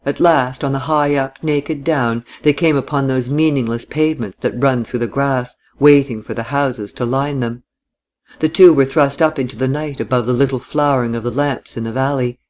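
Male audiobook narrator, measured and steady, mid-pitched. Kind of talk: scripted narration of a classic novel.

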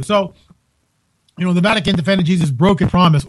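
A man hosting a call-in radio show, talking in an incredulous, exclaiming way with quick asides, from home. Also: high voice, dry recording, poor audio. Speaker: radio talk show host.

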